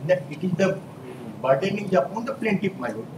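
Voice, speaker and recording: A man's voice: sits high, big pitch swings, fast talker. A male advocate, arguing an appeal formally in a courtroom and repeatedly saying "my lord". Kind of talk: courtroom argument. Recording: echoey courtroom audio from far off with noise.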